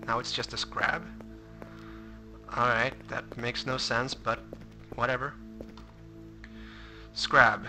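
A man's voice: medium pitch, level tone, takes it slowly, pauses often, sharp tone, faint music behind. A man commentating a game playthrough, reading on-screen text aloud and adding wry asides. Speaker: let's play commentator. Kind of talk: gameplay commentary.

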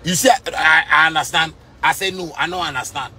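A man's voice: fairly high pitch, fairly quick, bright, forceful tone, slight background noise. A man from Ghana with a Ghanaian Pidgin English accent, ranting to camera from inside a car in fiery, repetitive street talk. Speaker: musician vlogger. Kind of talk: casual rant to camera.

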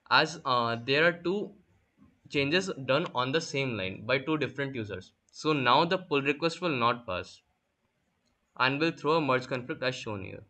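A young man gives a screen-recorded coding lesson, explaining each step plainly. His voice is bright and a little tense, at a middling pitch. He leans on fillers as he works through the example. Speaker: workshop instructor.

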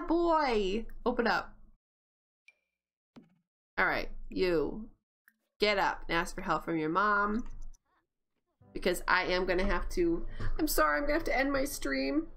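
Woman, casual live-stream commentary, slow easy delivery, bright exclamations and laughs. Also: medium pitch. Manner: chatty, exclaims and laughs often at the game. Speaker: gaming streamer.

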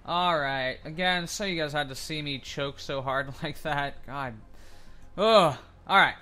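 A young man commentating his own shooter gameplay, excitable and swearing a lot, yelling when he wins. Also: on the high side, moderate pace, smooth, soft background music. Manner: excitable, swears constantly, yells when winning. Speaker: gaming video creator. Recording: loud game gunfire behind voice. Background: shooter game gunfire and effects.

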